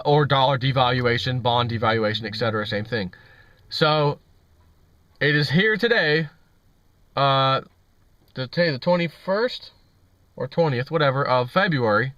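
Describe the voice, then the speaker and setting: A man's voice: medium pitch, a bit bright, dry recording. Ranting man, dry lo-fi sound. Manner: ranting, repetitive, scornful. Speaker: vlog host. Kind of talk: opinionated financial commentary. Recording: dull lo-fi audio.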